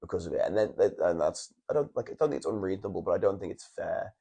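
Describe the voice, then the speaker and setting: A man's voice: sits low, rapid-fire, gravelly, mellow, slightly rough. A young man, a wrestler, telling long stories in a casual podcast chat in a hotel room, with restarts and swearing. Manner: rambling storytelling, frequent restarts and swearing.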